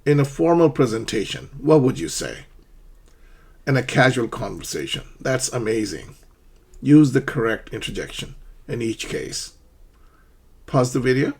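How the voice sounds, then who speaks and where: A man teaching an online English lesson, slowly and patiently, acting out example exclamations. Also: mid-range voice, lively intonation, darkish tone, husky.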